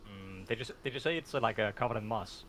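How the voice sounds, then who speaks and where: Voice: mid-range voice, fast, fairly bright tone, slight background noise. A player in a tabletop game, speaking casually and playfully, with frequent fillers.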